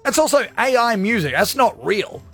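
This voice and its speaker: A man's voice: extremely high pitch, very animated, moderate pace, sharp tone, faint music behind. A man from Australia, hosting a radio show and joking casually with listener comments, swearing freely. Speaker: radio host.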